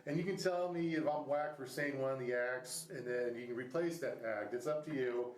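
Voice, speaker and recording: A man's voice: medium pitch, fairly quick, reverberant, poor audio. A man in his thirties hosting a podcast, chatting casually with a guest and rambling through many restarts and fillers. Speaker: podcast host. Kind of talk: casual interview chat. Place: Ohio.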